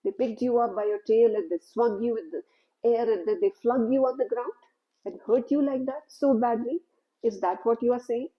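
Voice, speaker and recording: A woman's voice: medium pitch, moderate pace, dull audio, natural voice. A woman voicing a wise, loving old holy man who questions his disciple earnestly, in a told story. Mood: concerned, earnest.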